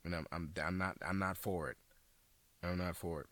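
A man hosting a podcast as a comedian, in a casual, profane monologue that jumps into high, excited outbursts. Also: moderate pace, no echo.

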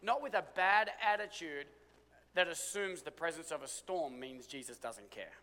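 Man, pastor preaching, high voice, swings from loud to hushed, long hall echo. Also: expressive, moderate pace. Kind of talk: sermon.

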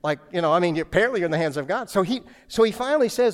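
A man's voice: sits high, lively intonation, rapid-fire, few pauses. A man preaching a sermon as a pastor, telling a personal story with lots of restarts and acted-out dialogue.

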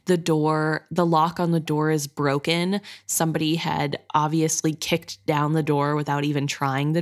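Low-voiced woman, animated book chat. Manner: animated and exasperated, says "like" often. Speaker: podcast co-host. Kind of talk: casual book discussion.

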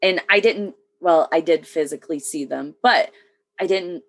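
A woman's voice: lowish voice, moderate pace. A woman veteran telling a war story matter-of-factly in casual conversation, with short laughs. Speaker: military veteran.

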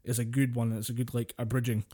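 A man's voice: medium pitch, little pitch movement, quick pace, warm tone. A Scottish man co-hosting a podcast, chatting in an easygoing, agreeable way. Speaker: podcast co-host. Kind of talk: casual podcast chat.

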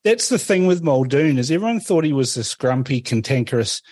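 A man's voice: medium pitch, lively intonation, a little fast, a little mellow, dry recording. A man hosting an interview, prompting his guest with easygoing questions. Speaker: host.

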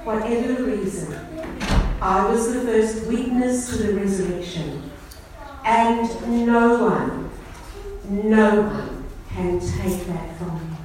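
A woman preacher speaking as a grieving, then joyful woman disciple at the empty tomb, telling it slowly and earnestly in the first person. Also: mid-range voice, darkish tone, a little hiss or hum, natural voice. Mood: resolute. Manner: slow, earnest storytelling. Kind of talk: first-person dramatic sermon monologue. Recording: echoey hall from far off.

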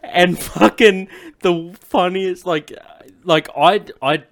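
A man's voice: high-pitched, takes it slowly, gravelly. A man hosting a podcast, chatting in a laid-back way with lots of swearing and fillers like "um" and "like.". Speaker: podcast host. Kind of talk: casual podcast chat.

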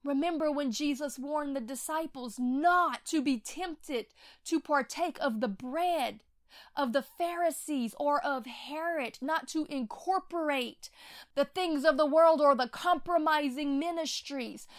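A woman preaching and praying with fervor, swinging from hushed whispers to loud crying out. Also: high-pitched, unhurried. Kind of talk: impassioned sermon and prayer.

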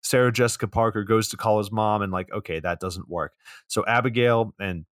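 Man, low voice, dry close sound, casual podcast movie recap, offhand swearing. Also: dry recording. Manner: fast plot summarizing, swears casually. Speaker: podcast co-host.

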